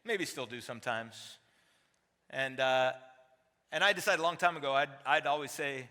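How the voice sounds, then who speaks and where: In a large church sanctuary with long hall reverb, a man in his forties preaches as a teaching pastor. His fairly high, sing-song voice moves a little fast with a sharp edge, emphatic and conversational as he tosses rhetorical questions to the congregation.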